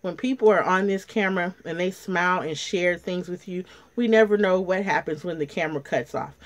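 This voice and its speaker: A woman's voice: fairly low pitch, a little fast. A middle-aged woman, telling a personal story to her viewers in a casual, emotional way, near tears. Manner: emotional, chatty, addresses viewers as ladies. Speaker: vlogger. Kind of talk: casual story time chat to camera.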